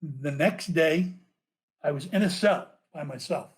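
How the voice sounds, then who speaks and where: Male ex-cop guest, animated and profane storyteller, slightly high voice. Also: unhurried. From United States. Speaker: podcast guest, former police officer. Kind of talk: storytelling in a podcast interview.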